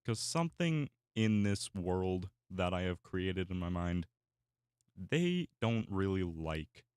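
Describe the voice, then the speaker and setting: A man's voice: low voice, big pitch swings, takes it slowly, darkish tone, clean tone, no echo, studio quality. A young man chatting casually while he draws, rambling with many fillers and restarts. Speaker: artist and YouTuber. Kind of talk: casual chat while drawing.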